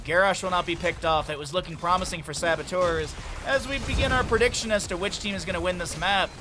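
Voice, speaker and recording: Young male caster, slightly high voice, chatty and excitable, headset over faint game sounds. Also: fast talker, hardly any pauses, noisy background. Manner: chatty, jumps from banter to excited play-by-play. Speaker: esports caster. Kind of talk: solo game commentary.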